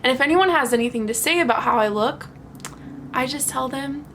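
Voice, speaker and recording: A young woman in her twenties talking casually and frankly to the camera at home, animated and laughing often. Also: high voice, fairly quick, a little hiss or hum. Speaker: vlogger.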